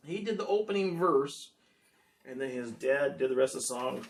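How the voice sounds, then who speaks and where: A man's voice: mid-range voice, measured pace, long pauses, far from the mic. A man who sings and plays guitar, chatting casually and rambling a little between songs. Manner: relaxed, rambling, homespun. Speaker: singer and guitarist. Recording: guitar playing behind.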